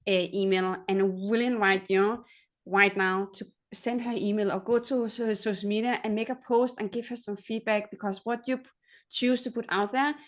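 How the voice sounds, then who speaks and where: A woman's voice: mid-range voice, steady tone, normal speed. A woman host asking questions in an interview, earnest, with slightly phrasing. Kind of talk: interview hosting.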